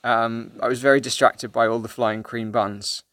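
A man's voice: mid-range voice, steady tone, normal speed, a bit bright, no room sound. A man co-hosting a podcast, chatting casually and teasing his co-host. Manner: teasing, playful banter. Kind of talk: casual chat.

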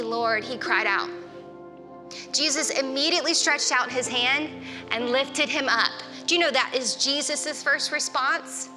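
A woman with a high voice preaches over music, her speech moving at a normal pace. The sermon is earnest and conversational, with casual fillers, and the long reverb of a church hall surrounds her.

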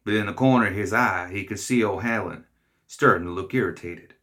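Male reader for scripted fiction narration: low, bright, measured, expressive.

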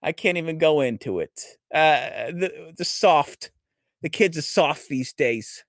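A man doing an impression of a blunt, grumbling middle-aged male comedian, ranting and complaining in a gruff voice. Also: on the high side, slow pace, dry recording, clean studio sound, voice pushed up.

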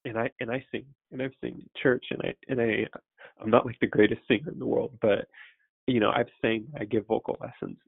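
A man's voice: mid-range voice, fairly even intonation, fairly quick, vocal fry, breathy edge, dry recording. A young man, a pastor, talking in a casual, rambling way and choked up with tears. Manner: emotional, tearful, rambling. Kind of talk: casual prayer-call talk. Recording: tinny phone line.

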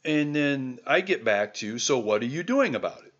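A man's voice: medium pitch, lively intonation, moderate pace, fairly bright tone, husky, dull audio. A man from the American heartland hosting a podcast, talking listeners through a monologue in an emphatic, exhorting way with lots of repeated rhetorical questions. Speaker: podcast host.

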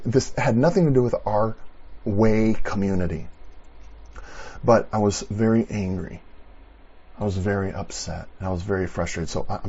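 A man's voice: on the low side, darkish tone, slightly rough. A man preaching a sermon as a pastor, speaking passionately with repeated rhetorical questions and personal confession. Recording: muffled lo-fi recording.

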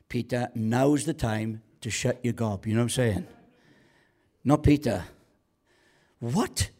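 A man's voice: mid-range voice, slow pace, long pauses, dark tone. A man preaching a sermon as a guest pastor, colloquial and joking, building to passionate calls to the congregation.

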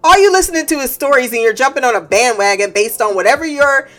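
A woman with a somewhat high voice rants heatedly as host. She is blunt and profane, and her swearing sounds unfiltered. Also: expressive, fast, a bit bright, soft background music. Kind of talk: ranting commentary.

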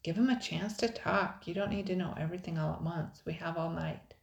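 A woman's voice: fairly low pitch, brisk, creaky, dull audio. A woman reading a storybook aloud, voicing a sensible young boy who urges the others along. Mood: calm urging. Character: earnest, sensible young boy, leader of the kids. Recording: roomy echo.

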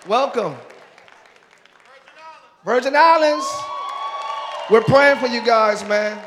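In a large church auditorium, a male pastor jokes playfully with his congregation and welcomes visitors during a live service. His voice is extremely high-pitched, and he speaks slowly with long pauses. The live hall recording carries crowd noise.

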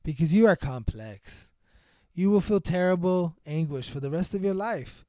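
A man putting on a self-centered ex-husband who delivers a grave lecture in a hammy, grand voice. The tone is clear and smooth, and the sound is dry. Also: high-pitched, expressive, normal speed, warm tone, dry recording. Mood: mock-grave.

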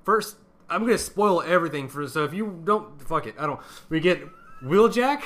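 A young man co-hosting a casual movie review podcast, excited and laughing, swearing freely. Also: on the high side, normal speed. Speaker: podcast co-host.

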